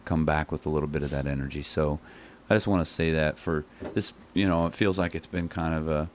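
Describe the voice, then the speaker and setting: Host, male, very low voice, earnest rambling talker with lots of restarts. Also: fairly even intonation, a little fast, a little hiss or hum. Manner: rambling, self-correcting, earnest. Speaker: show host. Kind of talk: casual talk show chat. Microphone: headphones and studio mic.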